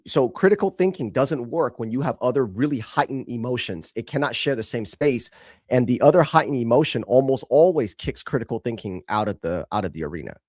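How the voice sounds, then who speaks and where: A man's voice: medium pitch, darkish tone, dry recording, clean studio sound. A male host giving emphatic, scornful commentary on a video clip, repeating himself for stress.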